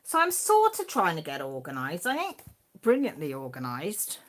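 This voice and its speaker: A woman's voice: low-pitched, huge pitch swings, moderate pace. A middle-aged woman with a Radnorshire Welsh accent, hosting a casual livestream, chatting in a rambling, self-deprecating way and reading out viewers' comments. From Wales, Radnorshire. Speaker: livestream host.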